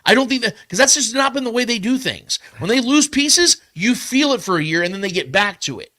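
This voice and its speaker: A man hosting a podcast, debating football predictions in a casual, animated way, often repeating himself to drive a point home. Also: extremely high pitch, brisk. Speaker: podcast host.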